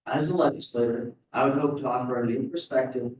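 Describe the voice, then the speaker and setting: A man's voice: mid-range voice, fairly even intonation, fairly quick. A young man, a college freshman, reading an earnest, formal prepared statement in an echoey room from some distance. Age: young adult. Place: student government meeting room. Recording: echoey room, mic far off.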